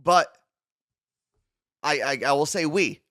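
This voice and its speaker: A man's voice: a little high, no echo, studio quality. Casual guy with a Jersey accent. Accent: New Jersey. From New Jersey. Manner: animated, swears freely, quick asides. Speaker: podcast co-host. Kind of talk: casual chat.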